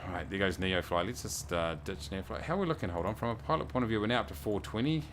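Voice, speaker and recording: Low-voiced New man chatting on stream. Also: lively intonation, fast talker, a bit bright, slight background noise. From New Zealand. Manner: chatty, reads viewer messages aloud and thanks them. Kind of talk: casual livestream chat.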